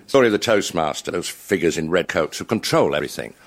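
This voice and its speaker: Older male raconteur, very low voice, genial anecdotes, chuckles at his own punchlines. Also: lively intonation, fast talker. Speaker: after-dinner raconteur. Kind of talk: anecdotal storytelling to a live audience.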